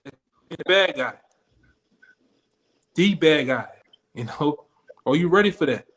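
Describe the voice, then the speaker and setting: A man's voice: on the high side, animated, slow, a bit bright. A man preaching in a blunt street style, firing challenging questions at his listeners.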